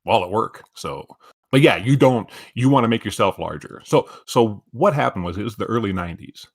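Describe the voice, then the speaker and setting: A man in his fifties, a stream co-host, telling a story in casual chat, animated and full of swearing. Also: on the low side, brisk, slightly rough.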